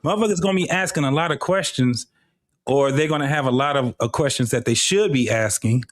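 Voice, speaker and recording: A man's voice: mid-range voice, a little fast, no room sound. Middle-aged guy hosting a live show, blunt and cussing a lot, dry close sound. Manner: blunt, profane, conversational. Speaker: host. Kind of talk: casual live commentary.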